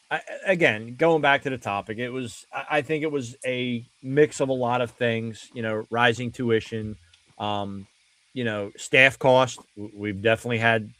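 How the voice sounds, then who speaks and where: A man's voice: medium pitch, pushed and bright. A man in a casual podcast chat, telling a long anecdote with frequent restarts and fillers.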